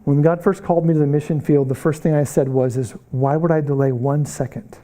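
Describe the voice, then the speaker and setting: A middle-aged man on the higher side of the pitch range lectures a missions class at Bible college, his dark voice fairly quick and level with almost no pauses. He preaches with conviction, raising rhetorical questions amid bursts of urgency.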